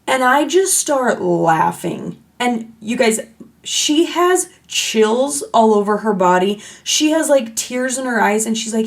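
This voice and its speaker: Chatty woman with a gravelly edge. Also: on the high side, expressive, takes it slowly. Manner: chatty, playful, self-mocking oversharer. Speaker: podcast host. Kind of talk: casual solo podcast chat.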